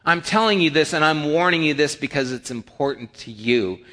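Bright-voiced male pastor telling stories. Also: on the high side, brisk. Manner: storytelling, acts out dialogue with rising excitement. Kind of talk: sermon.

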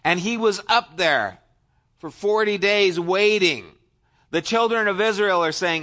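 A man preaching a sermon in a bright, forceful voice that sits a little high. He tells the story with casual asides and lets his voice sink soft and low to make a point. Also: lively intonation, moderate pace.

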